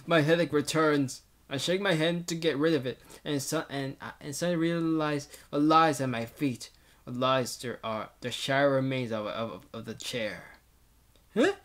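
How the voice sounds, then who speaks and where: A man's voice: medium pitch, a bit bright. A man reading a visual novel aloud with casual asides, stumbling over words as he goes.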